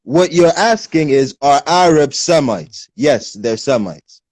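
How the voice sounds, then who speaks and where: Guy with a bit of an american lilt chatting on a phone livestream, kinda high voice, dry close sound, animated and slangy. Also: takes it slowly, no room sound. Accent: English with a slight American lilt. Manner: animated, explaining, street slang. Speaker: livestream host. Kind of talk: casual chat on a livestream.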